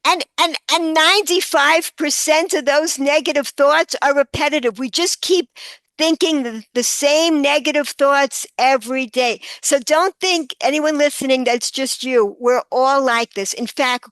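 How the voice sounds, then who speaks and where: An older woman, a guest author on a podcast, telling a story earnestly and slowing down for emphasis. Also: high-pitched, fairly bright tone, dry recording. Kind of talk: podcast interview.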